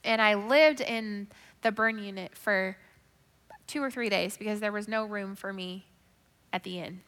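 A woman giving an emotive personal faith testimony, moving between hushed, whispered moments and loud, excited storytelling. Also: mid-range voice, unhurried, long reverb tail.

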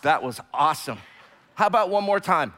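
A man with a high, bright, forceful voice preaches a sermon, stretching key words for emphasis as his lines climb in intensity. His voice rings through a church hall with a long reverb tail. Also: animated. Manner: preaching with rising emphasis, slows words for stress. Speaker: pastor. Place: church sanctuary.

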